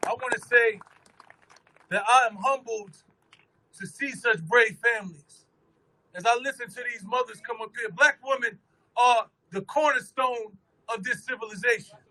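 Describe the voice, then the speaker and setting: A man giving an impassioned protest rally speech, shouting fiery, rhythmic oratory. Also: very high-pitched, moderate pace, rough recording. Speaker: rally speaker.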